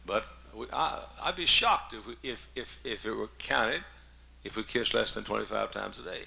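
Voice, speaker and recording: A man's voice: fairly low pitch, normal speed, creaky, bright, forceful tone, slight background noise. A man in his seventies, a pastor preaching a humorous sermon in a folksy, joking way, coughing often. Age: 70s.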